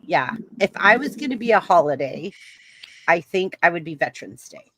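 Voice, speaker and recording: A woman's voice: fairly low pitch, sing-song, moderate pace, fairly bright tone, no echo. A woman panelist chatting enthusiastically in a casual group conversation, often repeating herself.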